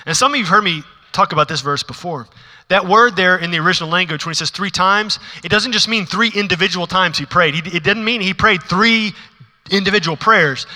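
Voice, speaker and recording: Bright-voiced preacher in an echoing hall. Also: male voice, high-pitched, lively intonation, normal speed. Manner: swings between hushed, intimate asides and rising, emphatic preaching. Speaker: pastor. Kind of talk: sermon. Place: church sanctuary with a congregation. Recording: long reverb of a large hall.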